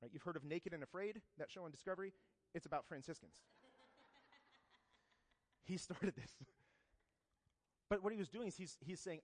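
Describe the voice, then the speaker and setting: A man's voice: on the high side, normal speed, long pauses. A man telling a saint's life story in a casual, joking talk, often checking in with "right?" asides. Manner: conversational, frequent "right?" asides and joking comparisons. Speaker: speaker teaching about a saint. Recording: long reverb of a hall.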